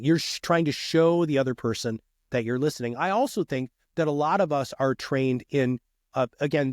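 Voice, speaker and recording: A man who is a guest on a podcast, talking in an energetic and emphatic way and often calling the host dude. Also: medium pitch, no echo, clean studio sound. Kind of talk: casual podcast conversation.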